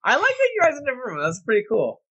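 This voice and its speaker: A man's voice: very high-pitched, wildly swooping pitch, racing, sharp tone, breathy edge, lo-fi sound. A man hosting a podcast over a video call, joking and swearing freely in loose casual chat. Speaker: podcast host.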